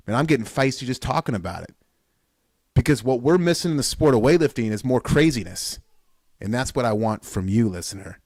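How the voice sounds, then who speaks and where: A man hosting a podcast, giving a fired-up motivational talk, piling up repeated calls in loud bursts. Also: medium pitch, dry recording, clean studio sound. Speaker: podcast host. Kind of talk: solo podcast pep talk.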